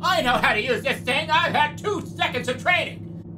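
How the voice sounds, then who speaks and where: A man doing a shrill panicky gun novice. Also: animated, normal speed, distant mic, over music.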